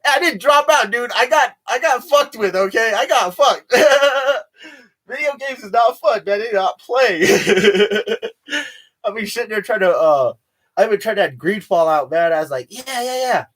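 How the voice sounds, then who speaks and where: A man's voice: high-pitched, measured pace, a bit bright. Rambling profane man vlogging. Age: adult with a child. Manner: rambling, profane, laughs often, fillers like man. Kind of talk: casual rambling vlog.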